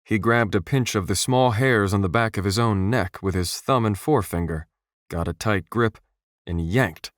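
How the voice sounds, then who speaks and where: A man reads a fantasy audiobook in a steady, measured way. His voice sits fairly low and is recorded close, with no room sound at all. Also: no room sound. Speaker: audiobook narrator. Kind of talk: scripted narration. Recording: dry, close studio voice.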